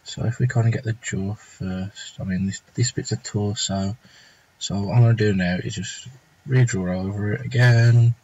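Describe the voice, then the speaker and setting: At a normal pace and with a steady tone, a man with a fairly low, darkish voice rambles on a home live stream as he draws, thinking aloud with many fillers, self-talk and incomplete thoughts. The audio is dull, with a little hiss or hum.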